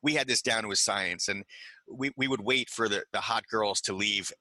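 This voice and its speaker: Animated storytelling man, crisp bright voice. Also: on the low side, moderate pace, no room sound. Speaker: podcast host. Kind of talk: casual chat.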